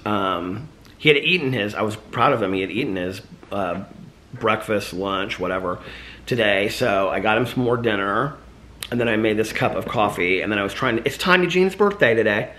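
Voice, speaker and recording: Man, casual vlog chat, slight lisp, sore mouth, low but bright voice, rambling. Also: normal speed, a little hiss or hum. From United States. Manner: rambling, chatty, filler-heavy. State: sore mouth after tooth removal. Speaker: vlogger.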